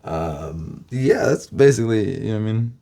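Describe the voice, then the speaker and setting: A man's voice: on the low side, expressive, moderate pace, vocal fry, warm tone. A man from Los Angeles, a YouTuber, rambling casually to his viewers, swearing constantly and calling them guys.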